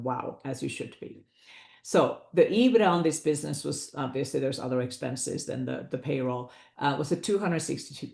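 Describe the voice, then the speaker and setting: Woman with a gravelly low voice walking through numbers in a webinar, echoey room. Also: darkish tone. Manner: explanatory, conversational with asides. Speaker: business valuation presenter. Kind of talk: webinar presentation.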